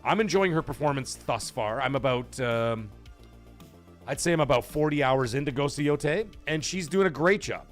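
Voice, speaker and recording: A man hosts a casual live stream from his home, rambling freely and reacting to viewer comments. His pitch rises and falls in a lively way as he talks. Faint music plays softly behind him. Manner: rambling, chatty, reads out chat comments. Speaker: livestream podcast host.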